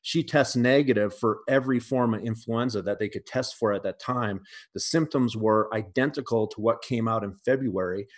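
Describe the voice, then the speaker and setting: A man's voice: medium pitch, moderate pace, hardly any pauses. A man on a podcast, talking casually in a blunt, profane way with frequent restarts. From United States.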